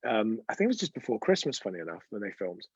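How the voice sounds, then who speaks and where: A man's voice: on the low side, very animated, fast talker, husky, dry recording, muffled recording. A man hosting an unscripted live stream, telling chatty, rambling anecdotes with frequent restarts. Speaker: host of a weekly live show.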